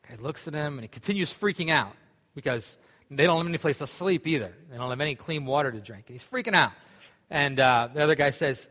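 A man's voice: fairly high pitch, fast talker, fairly bright tone. A male pastor giving a casual, rambling sermon full of fillers and restarts. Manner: loose, rambling delivery with many fillers and restarts. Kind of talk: sermon with an opening joke. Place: church sanctuary. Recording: long hall reverb.

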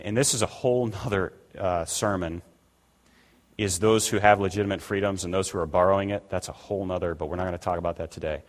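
An older man preaching a conversational sermon as pastor, acting out the voices he quotes. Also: sits low. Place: church sanctuary. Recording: long reverb of a church hall.

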